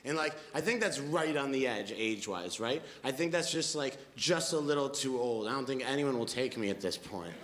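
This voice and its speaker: A man's voice: mid-range voice, expressive, moderate pace, few pauses, background noise. A man in his twenties doing a stand-up set, telling stories with a wry tone and acting out what people said. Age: 20s. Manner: wry storytelling with acted-out quotes. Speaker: stand-up comedian. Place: comedy club stage with live audience. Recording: echoey club with audience laughter.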